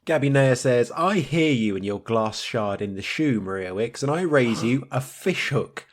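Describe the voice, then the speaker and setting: A man's voice: medium pitch, lively intonation, normal speed. A man co-hosting a podcast, chatting in a rambling, easygoing way. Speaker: podcast co-host. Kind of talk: casual chat.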